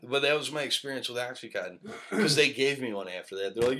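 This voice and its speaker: A man of middling pitch spins a long, rambling story on a podcast stream. He swears freely, laughs often and keeps the talk loose and casual. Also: expressive, fast, bright, forceful tone. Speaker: podcast host.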